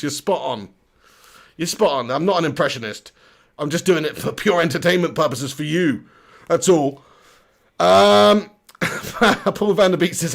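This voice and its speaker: A man's voice: a little high, unhurried, vocal fry. A man hosting a live football watch-along, joking, laughing and swearing at the match. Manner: jokey, laughs a lot, swears.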